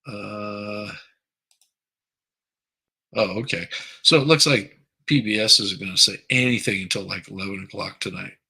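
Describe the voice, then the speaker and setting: A man's voice: fairly low pitch, measured pace, gravelly, long pauses, sharp tone, husky, poor audio. A man hosting a live stream, chatting casually and crudely, rambling while he reads viewer comments aloud. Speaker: livestream host.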